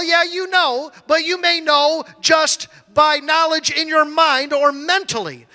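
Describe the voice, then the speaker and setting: A man preaching a sermon as pastor, emphatic, calling for amens and slowing down to stress key words. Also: very high-pitched, pushed and bright, long reverb tail.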